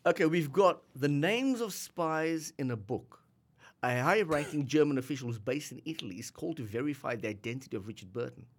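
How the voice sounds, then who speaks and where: A man co-hosting a film podcast, discussing a movie in casual chat, animated and often restarting his sentences. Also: fairly high pitch, brisk. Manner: animated, chuckling, repeats words when starting. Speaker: podcast co-host.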